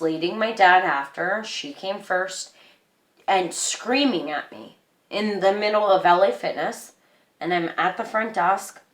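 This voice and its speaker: A woman's voice: mid-range voice, fairly bright tone, reverberant. A young woman telling a personal story in an emotional, rambling way, with many restarts.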